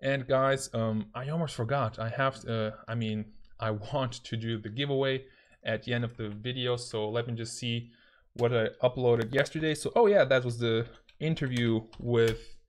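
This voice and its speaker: A man's voice: mid-range voice, fairly even intonation, normal speed. A man hosting his own cryptocurrency channel, talking loosely to camera with fillers and restarts. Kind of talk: casual talk to camera.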